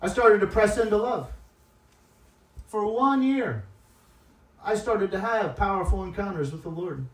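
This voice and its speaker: A man with a high-pitched voice preaches a sermon, dropping to soft, confessional tones and then rising into loud, emphatic appeals. He is recorded from a distance in an echoey church hall, so his voice rings around the room. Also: animated, measured pace, long pauses. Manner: swings between soft, tearful-toned confession and loud emphatic exhortation. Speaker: guest preacher.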